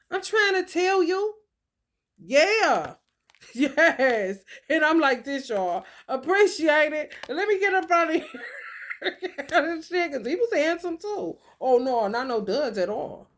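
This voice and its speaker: A woman's voice: sits high, animated, unhurried, a bit bright. A woman hosting a casual livestream and reading oracle cards. She swears freely, laughs often and talks straight to her viewers.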